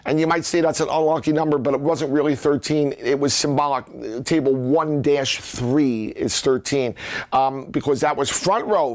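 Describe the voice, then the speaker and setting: A middle-aged man casually telling rambling stories and acting out the lines people said in lively voices. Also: fairly high pitch. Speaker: prop collector recounting memories. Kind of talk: casual storytelling.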